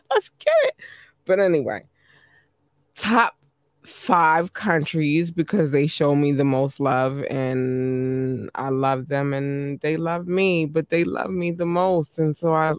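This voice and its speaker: A man hosts a podcast at an unhurried, drawn-out pace, chatting loosely with his listeners. His voice sits a little high for a man. The sound is dry and close, with no room echo. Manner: slow, chatty, laughs easily, shout-outs to listeners. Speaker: podcast host premiering music. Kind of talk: casual podcast talk.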